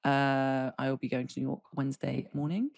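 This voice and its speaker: An English woman in her thirties with a low, relaxed speaking voice, chatting casually on a podcast. Her talk rambles with fillers and dry, teasing humour. The sound is close and dry, with no room around it. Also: fairly quick, gravelly, no room sound. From England. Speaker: podcast co-host, golf broadcaster. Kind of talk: casual chat.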